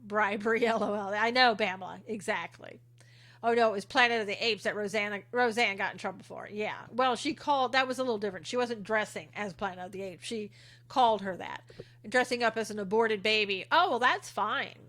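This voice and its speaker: A woman's voice: medium pitch, fairly quick, fairly bright tone. A middle-aged woman hosting a casual livestream, reading viewer comments aloud and answering them with sarcasm and frequent laughs. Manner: sarcastic, chatty, laughs often.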